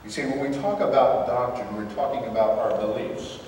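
A man hosting religious commentary, reading from documents and making earnest, emphatic points with halting restarts. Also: mid-range voice, darkish tone, a little hiss or hum. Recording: echoey hall from far off.

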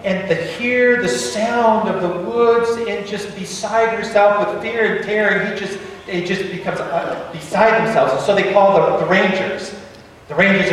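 A man's voice: high-pitched, far from the mic, a little hiss or hum. Dramatic preacher man in an echoey hall. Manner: dramatic, stammered repetitions, swings between loud and hushed. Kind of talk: sermon storytelling.

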